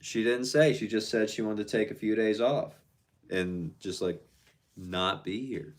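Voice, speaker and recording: A man's voice: lowish voice, a little slow. A man casually chatting on a live stream, reading out viewer comments and answering them in a laid-back, slangy way.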